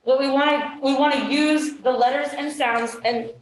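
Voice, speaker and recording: A woman teacher leading a classroom phonics demonstration with brisk quizzing questions and quick praise. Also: high-pitched, fairly even intonation, a little hiss or hum. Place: meeting room. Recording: echoey room.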